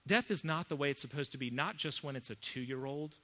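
A man preaching a sermon as pastor, emphatic, swinging between hushed and loud. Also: on the high side, fairly quick.

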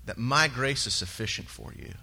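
A man sharing a personal testimony in church, earnest and halting, with many pauses and fillers. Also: medium pitch, expressive, gravelly, sharp tone. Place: church sanctuary. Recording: long reverb of a large hall.

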